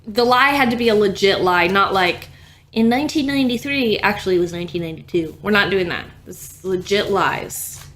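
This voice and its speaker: A woman's voice: medium pitch, a little fast, a bit bright, slight background noise. A woman co-hosting a podcast in casual chat, chatty and laughing often. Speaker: podcast co-host.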